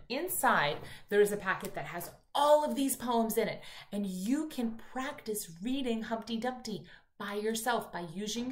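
A woman kindergarten teacher giving an online phonics lesson from home, speaking slowly and clearly with encouragement. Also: medium pitch, a bit bright, echoey room. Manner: slow, clear and encouraging, drawn-out reading aloud. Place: home room.

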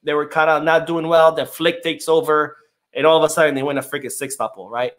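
A man's voice: on the high side, level tone, fairly quick, fairly bright tone. A man hosting a casual live-stream podcast, reading chat comments in a loose, chatty way with many fillers.

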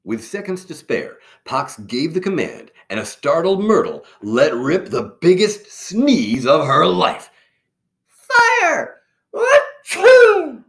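A man narrates a children's picture book at an unhurried pace. His pitch swings widely as he tells the story, keeping it vivid and animated for young listeners. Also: vocal fry. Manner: slow, expressive storytelling. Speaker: storybook reader.

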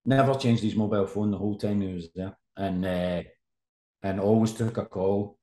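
A man in his fifties, a sports journalist guest, telling animated anecdotes in casual conversation. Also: on the low side, moderate pace. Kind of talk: casual storytelling. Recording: roomy echo.

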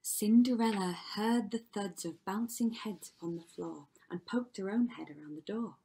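A woman's voice: medium pitch, normal speed, mellow, husky. A woman teacher reading a rhyming story aloud to children with dramatic delivery, often dropping to a whisper. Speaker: primary school teacher.

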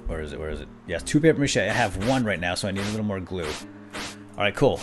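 A man giving excitable, chatty gameplay commentary, talking back to game characters as he plays. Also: deep voice, fairly quick, over music. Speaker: let's play host.

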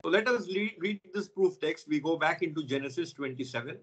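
Male teacher, fairly high husky voice, patient explainer on a video call. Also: expressive, brisk, few pauses, fairly bright tone, low-quality recording. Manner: explains step by step, stops to check with students. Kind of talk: online class on scripture.

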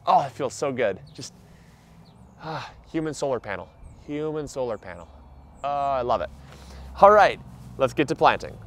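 An upbeat man hosts a casual gardening video outdoors. His voice sits a little higher than most men's, and it sounds dry, with no room echo. He talks in a chatty, enthusiastic way and often stops on fillers. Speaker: gardening channel host. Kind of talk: casual instructional vlog.

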